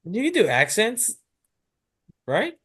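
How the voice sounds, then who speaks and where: A man's voice: high voice, wildly swooping pitch, slow pace, fairly bright tone, husky. A man co-hosting a comedy podcast, laid-back, mostly answering with short, dry replies. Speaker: co-host. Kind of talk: casual comedy podcast chat.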